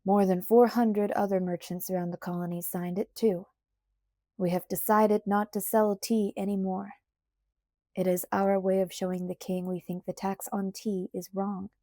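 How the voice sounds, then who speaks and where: A woman reading the part of a stern, steady father and shopkeeper in a firm, measured way. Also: medium pitch, no echo, clean studio sound, natural voice.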